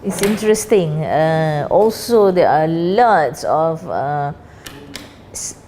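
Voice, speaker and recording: A woman's voice: low voice, lively intonation, slow, dark tone, slight background noise. Woman teaching chattily. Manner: repeats points for emphasis, chatty. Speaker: English teacher. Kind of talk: classroom discussion.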